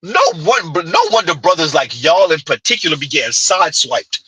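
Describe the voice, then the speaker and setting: A man's voice: fairly high pitch, big pitch swings, fairly quick, sharp tone, husky, no echo, poor audio. A man giving heated, mocking reaction commentary on a clip, firing off rhetorical questions.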